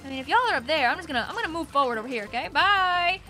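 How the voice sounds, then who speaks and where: A young woman streamer giving excitable, teasing commentary on her own gameplay from a desk microphone at home. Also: very high voice, quick pace, soft background music. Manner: playful, teasing, squealing and laughing often. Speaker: gaming streamer.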